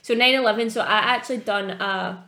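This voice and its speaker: A woman's voice: medium pitch, a little fast, pushed and bright. A young Scottish woman co-hosting a podcast, chatting casually and laughing at herself. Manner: giggly, self-deprecating, chatty. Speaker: podcast co-host. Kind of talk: casual chat. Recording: echoey room.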